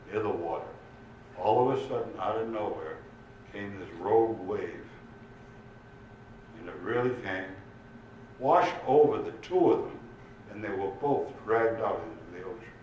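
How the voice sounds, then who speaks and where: An older man telling jokes in an unhurried, lively way to a live audience in a community room at a retirement village, recorded in an echoey room from far off. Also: fairly low pitch, lo-fi sound, a little hiss or hum. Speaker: amateur comedian. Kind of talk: stand-up joke telling. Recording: echoey room, mic far off, faint ambience.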